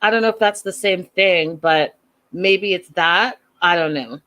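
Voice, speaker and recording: A woman's voice: a little slow, sharp tone. Chatty opinionated woman recapping TV. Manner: chatty, opinionated, acts out quotes in a high voice. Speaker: host recapping a reality show. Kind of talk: casual recap chat.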